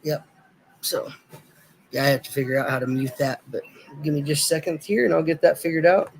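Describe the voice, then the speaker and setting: A man's voice: fairly high pitch, fairly quick, vocal fry, slightly rough, rough recording. A man hosting a casual livestream from a home setup, hesitant and thinking aloud with many fillers. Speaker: livestream host.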